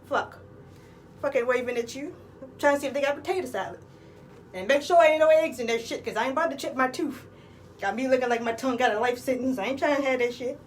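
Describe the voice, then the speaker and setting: A woman's voice: high-pitched, fast, distant mic, slight background noise, low-quality recording. A woman telling a crude, rambling comic story outdoors in the cold. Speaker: comedic vlogger. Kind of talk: profane comedic storytelling.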